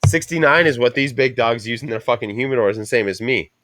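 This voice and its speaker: A man's voice: medium pitch, brisk, a bit bright, no room sound. A man hosting a casual podcast, telling rambling, profane stories and reading an ad. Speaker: podcast host. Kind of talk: casual bar chat.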